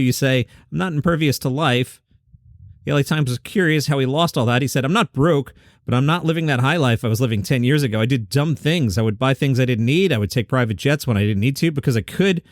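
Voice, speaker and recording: Fast-talking wry male comedy news host. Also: a little high, no room sound, studio quality. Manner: wry, sarcastic asides. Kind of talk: comedy news roundup with quotes.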